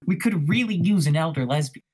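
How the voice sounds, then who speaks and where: A woman's voice: sits low, lively intonation, brisk, a little mellow, husky. A woman voicing a bossy young woman who chairs a meeting in an officious, chirpy manner.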